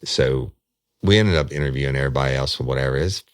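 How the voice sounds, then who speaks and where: Very deep-voiced man telling a case. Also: quick pace, no echo, clean studio sound. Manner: rambling, with many restarts and asides. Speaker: retired detective telling a case. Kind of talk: casual true-crime storytelling.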